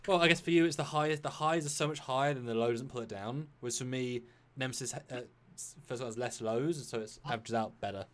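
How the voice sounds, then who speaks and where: A man's voice: mid-range voice, fast talker. A man co-hosting a casual live film discussion, arguing his view with jokes along the way. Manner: animated, jokey, argues his point. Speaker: co-host.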